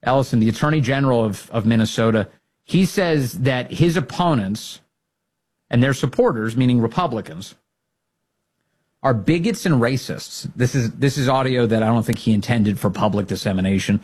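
A man hosting a political talk program, giving emphatic, rallying commentary that swings up in pitch when he gets fired up. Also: moderate pace, a little mellow, husky. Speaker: political talk show host. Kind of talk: opinionated commentary.

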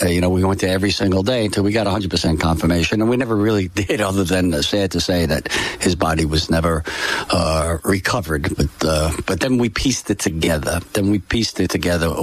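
An older man telling a personal story in an interview, halting and emotional, with many fillers and restarts. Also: low-pitched. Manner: emotional, solemn. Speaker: interview guest.

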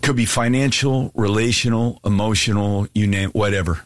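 A man's voice: fairly low pitch, fairly even intonation, moderate pace, dry recording, clean studio sound. A man preaching an earnest, pleading sermon and asking listeners to give their lives to Jesus. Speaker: pastor. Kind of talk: sermon altar call.

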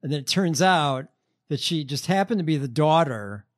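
A man hosting a podcast, talking casually in a slightly raised voice. He tells stories in a halting, sardonic way, with many fillers. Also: a little high, animated. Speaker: podcast host. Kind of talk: casual chat.

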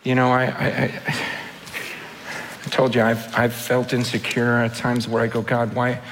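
A man preaching an impassioned sermon, moving from loud outcries to low, intimate asides. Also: completely flat delivery, unhurried, a little hiss or hum.

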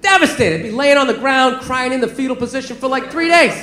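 High-voiced stand-up comic. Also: male voice, fast talker. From Southern United States. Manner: animated, shouty punchlines. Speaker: stand-up comedian. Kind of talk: stand-up comedy. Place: comedy club stage with audience. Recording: echoey room, crowd laughter, noise. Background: audience laughter.

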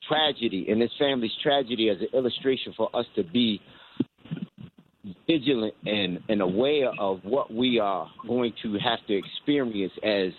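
A man's voice: mid-range voice, a little hiss or hum. Hesitant male caller on a phone line. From Baltimore. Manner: hesitant, searching for words. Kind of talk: call-in radio talk.

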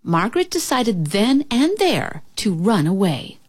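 A woman reading a children's storybook aloud in an expressive, lively manner. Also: medium pitch, a little slow, no room sound.

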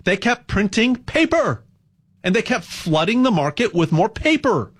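Rambling, animated man pitching gold. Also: a little slow, breathy edge. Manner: rambling and animated, with frequent stutters and restarts. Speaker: host pitching gold buying. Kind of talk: casual promotional monologue.

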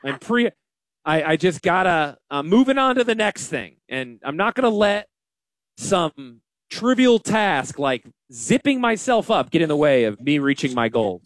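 A man hosting a financial radio show, talking in a folksy, self-deprecating, animated way. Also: a little high, unhurried, no room sound, studio quality. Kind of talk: casual radio talk.

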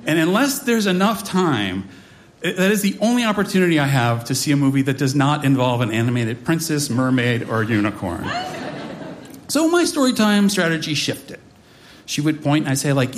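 A man in his forties tells a personal story live on stage, wry and animated. His voice sits a little high for a man and swoops widely as he leans into mock-dramatic asides. A faint ambient noise hangs beneath him. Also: moderate pace. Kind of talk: live comic storytelling to an audience.

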